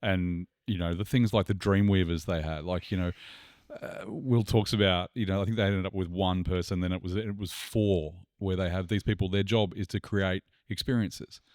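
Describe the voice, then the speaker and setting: A middle-aged man co-hosting a podcast in casual chat, agreeing often and talking quickly. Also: deep voice, fairly even intonation, darkish tone, no echo, studio quality. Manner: fast, agreeable, backchannels a lot. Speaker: podcast co-host.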